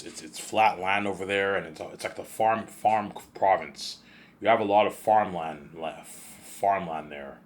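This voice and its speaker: A man's voice: sits low, a bit bright, a little hiss or hum. A young Canadian man with a slight Canadian accent, rambling through a casual monologue, repeating words and swearing offhandedly. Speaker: host.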